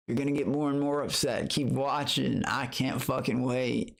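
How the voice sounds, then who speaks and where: A man's voice: mid-range voice, a little slow, creaky, few pauses. A man chatting casually on his livestream, boasting and taunting his critics while greeting viewers in chat.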